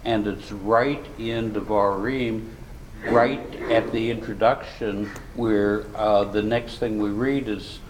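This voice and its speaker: A man speaking up in a class, slow and deliberate, pausing with small hesitations. His voice sits fairly low, with faint ambience behind it. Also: fairly even intonation, noisy background. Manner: measured, thoughtful, with hesitations. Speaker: class participant. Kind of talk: question in a class.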